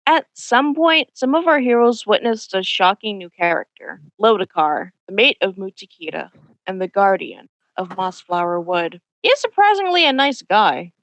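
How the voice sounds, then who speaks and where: A woman's voice: mid-range voice, animated, moderate pace, a bit bright, no room sound, rough recording. A woman reading a scripted recap of a tabletop game, leaning dramatically on names. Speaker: recap narrator. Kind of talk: scripted narration.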